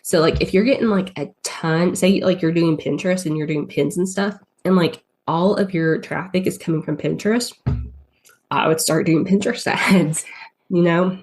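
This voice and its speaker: A low-pitched woman with a Southern US drawl talks through a podcast interview with a cold. Her delivery is chatty and loose, peppered with filler words as she thinks aloud. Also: normal speed, a little mellow. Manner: chatty, lots of ums and likes. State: has a cold. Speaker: guest, paid ads strategist.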